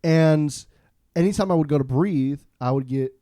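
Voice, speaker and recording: Man, young adult, podcast guest, casual storytelling, animated, restarts a lot. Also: a little high, normal speed, no echo, studio quality. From Florida. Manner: animated, self-deprecating, with many restarts.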